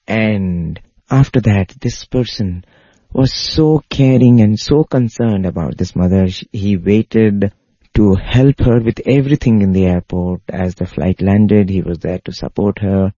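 A man telling a devotional story in an earnest way, his voice going higher when he quotes others. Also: measured pace, dark tone, no echo. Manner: earnest, rises in pitch when quoting others. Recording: dull lo-fi dry recording.

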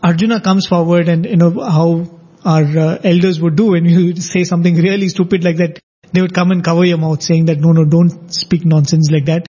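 A man's voice: high-pitched, steady tone, a little fast, warm tone, breathy edge. A man co-hosting a talk, narrating a scripture story with frequent asides. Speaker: podcast co-host. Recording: dull lo-fi audio.

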